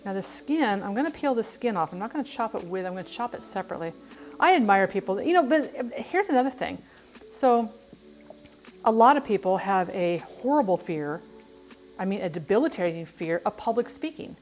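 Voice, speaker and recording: A middle-aged woman chats casually while cooking on a livestream, rambling and poking fun at herself. Her medium-pitched voice has lively intonation and a brisk pace, with soft music playing behind her.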